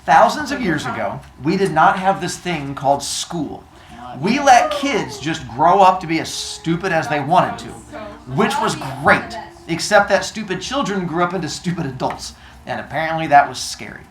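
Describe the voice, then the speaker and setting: Animated joking teacher in an echoey classroom. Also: male voice, a little high, normal speed. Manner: joking, animated, teasing students. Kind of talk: classroom lesson with storytelling. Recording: echoey classroom with student chatter.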